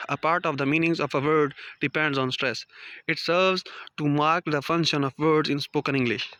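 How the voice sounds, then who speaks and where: Reading definitions and numbered points from a prepared lecture, this male teacher speaks with non-native phrasing in a slightly high, sharp voice. There's no room sound.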